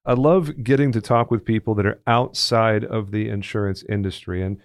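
A man's voice: lowish voice, fairly even intonation, moderate pace, dry recording, clean studio sound. A man from Texas who hosts a podcast and talks in a chatty, joking, friendly way. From Texas, United States. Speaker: podcast host. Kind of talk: casual interview chat.

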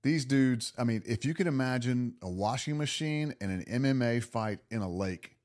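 A man guest on a podcast, telling a story in a casual, animated way, laughing and restarting his sentences. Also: medium pitch, normal speed. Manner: animated, laughing, lots of restarts and acted self-talk.

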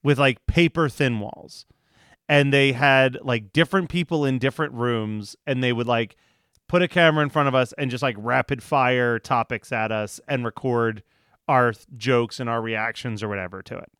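A man's voice: mid-range voice, moderate pace, a bit bright, smooth, no room sound, clean studio sound. A man co-hosting a podcast, recapping a TV episode and telling rambling stories full of fillers. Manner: rambling storyteller with lots of fillers. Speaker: podcast co-host. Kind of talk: casual chat recapping a TV episode.

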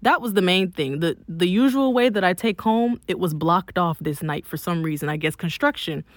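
A young woman from Miami telling a personal story in a casual, emphatic, animated way, often saying "like.". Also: on the low side, moderate pace, dry recording. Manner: emphatic, animated retelling with frequent "like".

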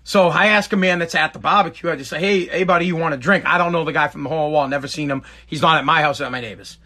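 A man hosts a talk show and tells a casual, meandering story. His voice is bright and sits a little high, and he keeps stopping to restart and correct himself. He livens up whenever he quotes other people. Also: fast. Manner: rambling, with many restarts and self-corrections; animated when quoting others in the story. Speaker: talk show host reading viewer comments.

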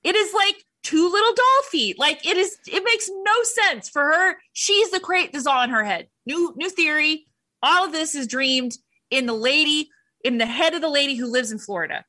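A woman's voice: high voice, animated, normal speed, bright, forceful tone. A woman co-hosting a casual comedic movie chat, incredulous and sarcastic as she riffs. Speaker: podcast co-host.

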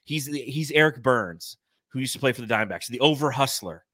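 A man hosts a casual sports podcast, his voice bright and forceful. He jokes bluntly, swears freely and reads out viewer comments from a live chat, heard close and dry. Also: mid-range voice, expressive, brisk, no echo. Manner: joking, profane and blunt. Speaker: podcast host.

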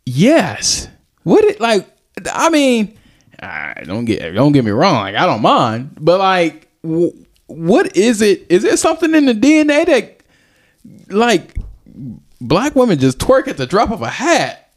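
Rambling and loose, a male podcast host keeps the conversation casual and relaxed. His pitch moves a lot, and his animated voice jumps sharply higher on his questions.

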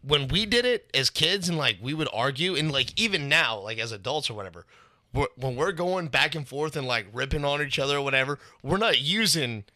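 A man's voice: mid-range voice, expressive, fairly quick, sharp tone, no room sound, studio quality. A young man co-hosting a podcast, telling stories in a laid-back, profane way and acting out the quotes. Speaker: podcast co-host. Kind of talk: casual storytelling chat. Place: studio.

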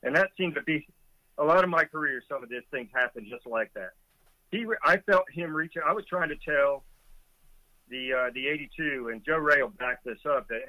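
A man's voice: fairly high pitch, moderate pace, no echo, narrow, tinny audio. A middle-aged man, a former Coast Guard boatswain's mate, vividly retelling a rescue with chuckles as a guest in a conversation. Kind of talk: storytelling in a conversation.

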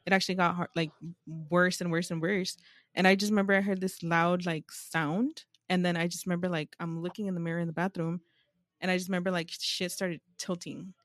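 A low-pitched woman in relaxed podcast chat, telling stories in a loose, swearing way with bits of Spanish. The sound is dry and close, recorded on a phone. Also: a little fast, no echo. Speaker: podcast co-host. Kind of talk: casual chat.

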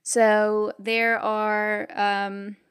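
Slow, smooth-voiced woman game master. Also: medium pitch, little pitch movement. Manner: descriptive, unhurried, with fillers. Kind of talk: narrating a tabletop game.

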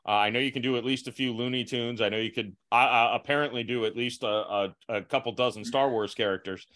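A man's voice: medium pitch, steady tone, fast talker, a bit bright. Self-mocking male podcast host. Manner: restless, many restarts and self-mocking asides. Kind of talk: casual chat.

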